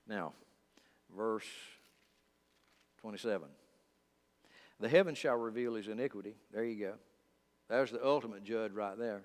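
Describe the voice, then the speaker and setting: A male pastor teaching a Bible study in a conversational way, speaking straight to his listeners with lively asides. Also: on the low side, unhurried, pauses often. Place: church. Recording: long church reverb.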